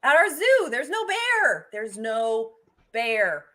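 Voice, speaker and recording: Female stream host, bubbly and excitable, a touch higher than most. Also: slow. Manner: bubbly and excitable, swings loud and soft. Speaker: livestream host. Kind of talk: casual livestream chat.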